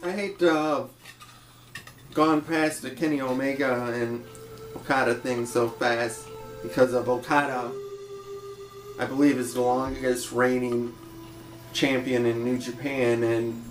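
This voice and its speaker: Unhurried man recapping wrestling results. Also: mid-range voice, roomy sound, soft background music, rough recording. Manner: steady recapping of results, laughs along. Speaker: podcast co-host.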